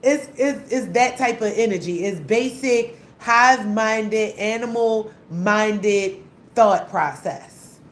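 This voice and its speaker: A woman's voice: mid-range voice, slow pace. A young woman, delivering a heated, blunt, profanity-laced rant as a vlogger. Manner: heated, blunt, repetitive, swearing often. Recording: echoey room with faint hum.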